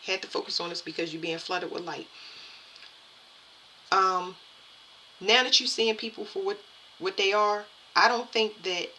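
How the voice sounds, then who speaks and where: A woman giving a spiritual card reading to her viewers, halting and repeating herself as she talks. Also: medium pitch, sharp tone, slight background noise, rough recording. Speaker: tarot and energy reader.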